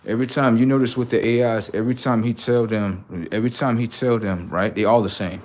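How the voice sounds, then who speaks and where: A man's voice: medium pitch, steady tone, brisk, a little mellow, slight background noise. A man streaming live, rambling through commentary and stories and checking in with "right?" often.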